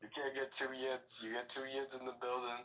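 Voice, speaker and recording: A man on a casual livestream chat who keeps pressing a guest with needling, provocative questions. His voice is strikingly bright and sharp, at a middle pitch. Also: little pitch movement, brisk, rough recording.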